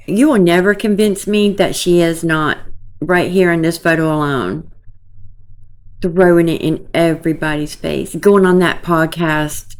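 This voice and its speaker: A woman giving casual, opinionated gossip commentary to her viewers, scornful and talking to them directly. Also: low voice. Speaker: commentary vlogger.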